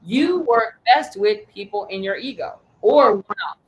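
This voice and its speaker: A woman coach leads a live workshop, full of energy and storytelling. She slips into quoted voices as she goes and swears casually, in a middle-range voice that is neither high nor low. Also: lively intonation, a little slow, muffled recording, slight background noise. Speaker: business coach.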